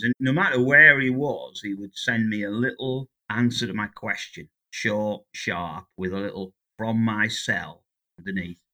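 An English man in his sixties speaks with a strikingly bright, sharp tone. He is a guest economist in a relaxed interview, chatty and full of anecdotes. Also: lowish voice. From England. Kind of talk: casual interview chat.

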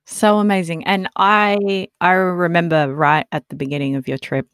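A woman's voice: lowish voice, fairly even intonation, moderate pace, dry recording, clean studio sound. A woman hosting a podcast who reacts with short interjections and asks follow-ups in a casual manner. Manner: warm interjections and back-channel responses. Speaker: podcast host.

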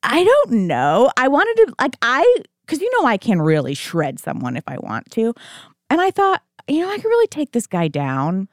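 A woman around thirty co-hosting a podcast, chatting casually and telling stories with lively acted-out quotes. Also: a little high, normal speed, no echo, studio quality. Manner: animated storytelling, acting out quotes. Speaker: podcast co-host. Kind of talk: casual chat.

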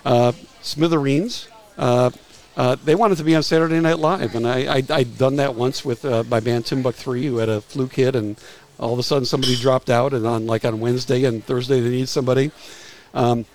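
This low-quality recording, with slight background noise, features a man in his sixties, a retired music publicist guesting on a casual interview show. In a mid-range, darkish voice with fairly even intonation, he recounts career anecdotes at a relaxed pace, often halting to restart phrases and repeat words.

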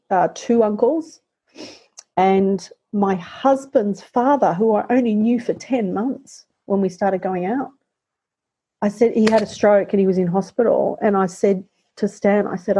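A middle-aged woman telling a personal story in conversation as a guest, halting and reflective, with frequent pauses and restarts. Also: medium pitch, warm tone, slightly rough, muffled recording.

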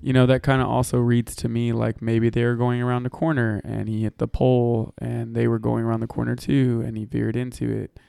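A man co-hosting a casual podcast, chatting in a relaxed way and hedging his points. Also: mid-range voice, brisk, creaky, hardly any pauses, clear, resonant tone, no echo. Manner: relaxed, hedging, talks over others. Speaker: podcast co-host. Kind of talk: casual chat. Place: podcast studio.

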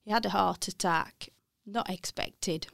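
Speaking a little slowly in a creaky, mid-range voice, a middle-aged West Midlands woman with a Birmingham accent appears as an interview guest; she's a partner at an accounting firm. Her reflective, candid chat features frequent mid-sentence self-corrections and soft laughter. There's no room sound, and the quality is studio level.

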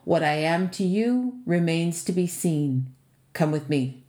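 Brief: sardonic spirit porter, woman reader voicing him, low and clipped, roomy recording. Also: animated, takes it slowly, dark tone. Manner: curt and sardonic. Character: gruff male house spirit, college porter.

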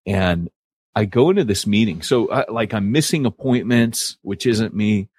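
A man's voice: lowish voice, lively intonation, normal speed, a little mellow, slightly rough. A man hosting a church planting podcast, talking frankly and telling stories in a candid conversation.

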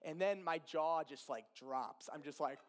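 Guy in his 30s preaching, high voice, animated and laughing, telling a story to the crowd. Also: unhurried, a little hiss or hum. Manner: animated, emotional, laughs often. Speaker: pastor. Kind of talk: sermon storytelling.

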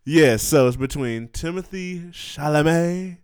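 A man's voice: fairly high pitch, a little slow, a little mellow, clear, resonant tone, dry recording, studio quality. A man hosting a podcast in a joking, casual way, laughing often between lines. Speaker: podcast host. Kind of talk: casual chat.

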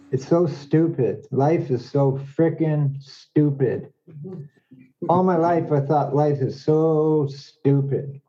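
A man telling a string of jokes in an unhurried, drawn-out storytelling manner. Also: a little high, dark tone. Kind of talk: joke telling. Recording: dull lo-fi audio.

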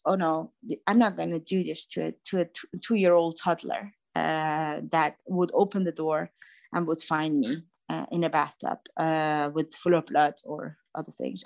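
A woman gives a personal testimony in a low voice. She speaks haltingly, pausing and restarting often as she talks. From Iran. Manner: halting, with frequent pauses and restarts. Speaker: guest sharing her testimony.

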